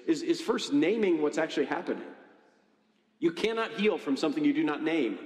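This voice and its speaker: A man preaching a sermon in a conversational, animated way, often checking in with the congregation. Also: high voice. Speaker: pastor. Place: church hall. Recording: echoey hall with long reverb.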